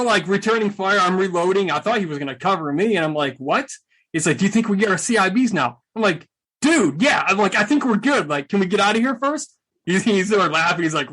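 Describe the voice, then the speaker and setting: A middle-aged man telling war stories with a quick, sarcastic wit. His voice sits a little high and sounds bright and forceful. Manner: animated, joking, sarcastic storyteller. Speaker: guest, combat veteran and speaker. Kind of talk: casual storytelling interview.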